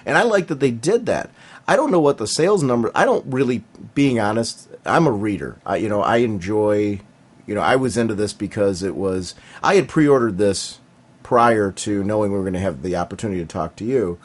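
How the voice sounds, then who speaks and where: A man's voice: on the low side, animated, fairly quick. A man co-hosting a comics podcast, talking in a casual, enthusiastic and rambling way. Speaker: podcast co-host.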